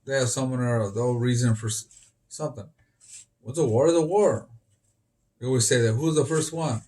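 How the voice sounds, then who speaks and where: Man, street interview, rambling and disjointed, mid-pitched, outdoors. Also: fairly quick, a little mellow. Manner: rambling and disjointed, jumps between topics.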